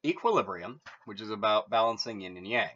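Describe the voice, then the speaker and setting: A man's voice: on the low side, lively intonation, fairly quick, pushed and bright, muffled recording. A man from Massachusetts hosting his channel, explaining things in a loose, rambling monologue full of "like". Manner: rambling, heavy use of "like". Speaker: channel host.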